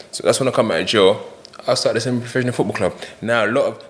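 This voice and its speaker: Fast-talking man telling stories. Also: lowish voice. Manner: animated storyteller, acts out quoted voices. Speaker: podcast guest. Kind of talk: casual chat.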